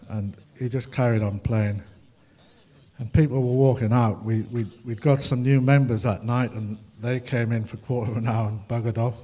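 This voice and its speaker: Older guy, mellow voice, chatty rambling stories full of ums and uhs. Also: mid-range voice. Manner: rambling, chatty storytelling with many fillers and dry humor. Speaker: ragtime musician speaking at a festival. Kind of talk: anecdotal talk to an audience.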